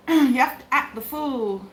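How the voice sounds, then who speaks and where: A woman's voice: high-pitched, expressive, slow pace, slight background noise. Sweary woman reading tarot live. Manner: blunt, sweary, rambling, talks to herself. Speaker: tarot reader livestreaming. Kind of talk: casual livestream tarot reading. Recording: echoey room with faint ambience.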